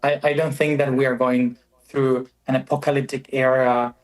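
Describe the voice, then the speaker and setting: A man speaking as a guest in a calm, measured, reflective conversation. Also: mid-range voice, low-quality recording.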